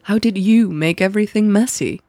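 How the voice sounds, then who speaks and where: A woman voicing Kim, a caring best friend who probes gently and coaxingly. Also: medium pitch, moderate pace, no room sound, faint music behind, pitched above the performer's own voice, lightly acted. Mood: gentle.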